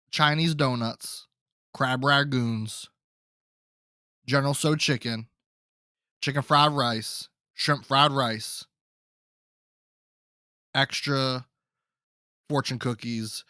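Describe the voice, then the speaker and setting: A man's voice: mid-range voice, sharp tone, dry recording, studio quality. A man hosting his own podcast, talking to listeners in a loose, rambling way and calling them folks. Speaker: podcast host. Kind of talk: casual solo podcast chat.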